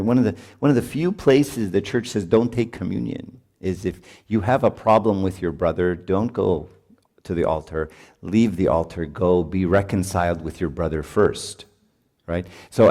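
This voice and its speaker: With a mellow, low-pitched voice at a moderate pace, a priest chats with his audience at a marriage retreat. He regularly adds "right?" and laughs as he talks.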